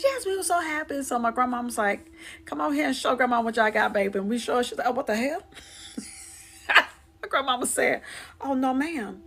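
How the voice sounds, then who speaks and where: Chatty woman with a gravelly edge. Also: on the high side, a bit bright, slight background noise. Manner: chatty, slangy, acts out family members' lines. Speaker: vlogger. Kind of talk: casual storytelling to camera.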